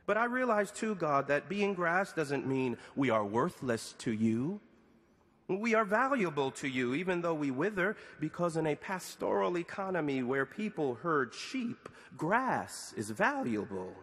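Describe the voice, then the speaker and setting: A middle-aged man preaching a sermon framed as a prayer to God, with slow deliberate pauses and rising questions. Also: fairly high pitch, sing-song, a bit bright, in a large hall.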